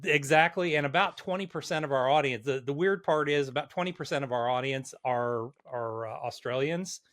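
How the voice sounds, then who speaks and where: A man's voice: mid-range voice, a little fast, fairly bright tone. A man hosting a podcast, introducing his guest and joking in friendly, casual banter. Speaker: podcast host. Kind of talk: casual interview chat.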